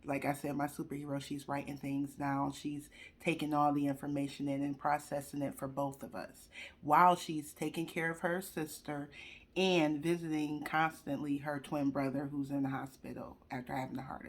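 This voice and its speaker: A woman's voice: low voice, level tone, moderate pace. A young woman talking to viewers at her computer, telling a personal story while trying not to cry. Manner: chatty, addresses viewers directly; fighting back tears. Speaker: vlogger sharing a personal story. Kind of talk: emotional personal testimony. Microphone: computer webcam.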